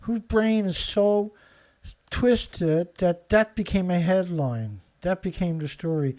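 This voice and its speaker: A man's voice: sits high, slow, darkish tone. A man hosting his own show, reading news headlines aloud and answering them with sarcastic, indignant commentary. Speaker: show host.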